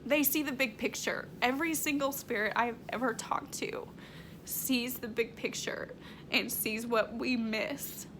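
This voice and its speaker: A woman working as a medium, talking emotionally in a vlog, close to tears, halting with many restarts and fillers. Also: on the high side, steady tone, background noise.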